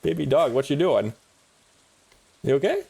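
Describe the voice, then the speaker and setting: A man's voice: on the high side, big pitch swings, moderate pace, gravelly, dark tone, husky. A man streaming a game, chatting casually and rambling with frequent laughs. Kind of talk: casual chat while gaming.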